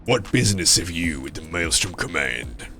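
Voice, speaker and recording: Man voicing a deep gruff military commander. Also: very animated, normal speed, pushed and bright, soft background music, full character voice. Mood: stern. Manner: stern, formal, archaic speech.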